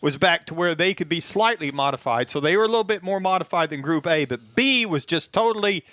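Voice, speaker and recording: A Texan man with a bright, forceful voice, talking through racing history in a folksy, rambling way. He sounds like a car show co-host in casual conversation. The sound is dry and close. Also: a little high, expressive, fairly quick, no room sound. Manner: folksy, rambling, laughs easily. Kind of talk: casual chat, explaining history.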